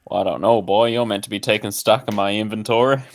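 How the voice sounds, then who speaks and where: A male player in a tabletop game, gruff and offhand as he talks in character. His voice sits low, and he sounds set back from the microphone. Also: fairly even intonation, fast talker. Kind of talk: casual tabletop play.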